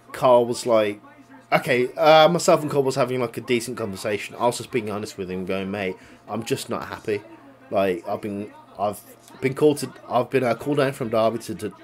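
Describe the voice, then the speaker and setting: A young man tells a story in casual chat, swearing a lot and laughing along as he goes. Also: lowish voice. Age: young adult. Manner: swears a lot, recounts a grudge; laughs while telling the story.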